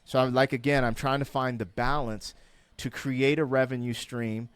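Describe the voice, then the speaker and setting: A middle-aged man talking candidly as a guest in a conversation, emphatic and animated, climbing to fervent peaks as he rants. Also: medium pitch, moderate pace, clean tone, no echo. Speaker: podcast guest.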